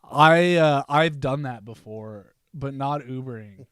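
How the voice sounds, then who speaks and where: A young man swaps stories in relaxed podcast chat, laughing easily. His voice sits at an ordinary mid pitch. The recording is dry and close, with no room sound. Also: slow pace, clean tone, no echo. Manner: laid-back storyteller, laughs often, says "dude". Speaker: podcast co-host. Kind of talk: casual chat.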